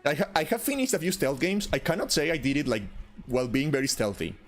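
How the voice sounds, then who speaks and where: A man's voice: on the high side, sing-song, quick pace, faint music behind. A young man streaming a video game in goofy, rambling casual commentary, often stammering and repeating himself. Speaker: gaming streamer. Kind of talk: casual let's-play commentary.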